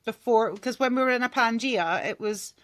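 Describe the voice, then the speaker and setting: Chatty higher-voiced woman podcaster. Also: moderate pace, fairly bright tone. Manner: chatty, goes off on tangents, laughs often. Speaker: podcast co-host, nail tech. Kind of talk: casual chat.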